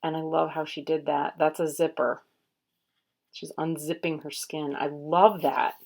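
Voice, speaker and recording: Slow, low-voiced woman unboxing cards. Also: level tone, a little mellow. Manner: unhurried, murmurs card names aloud, admiring. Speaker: tarot reader and channel host. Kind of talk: casual unboxing commentary.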